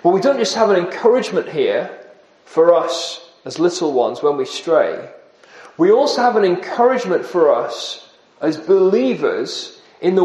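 A man's voice: high voice, darkish tone, echoey room, poor audio. A man preaching an earnest expository sermon, often dropping his voice for emphasis.

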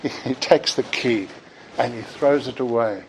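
A man's voice: mid-range voice, a little slow, creaky, slight background noise, poor audio. Earnest male preacher, emphatic. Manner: earnest, emphatic, repeats words when building a point. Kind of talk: sermon. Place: church building.

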